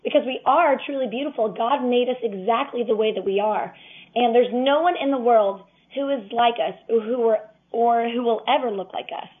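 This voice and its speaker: A young woman appears as a guest in a casual interview, speaking sincerely and encouragingly from her faith. Her voice is on the high side and her pace moderate, heard over a tinny phone line.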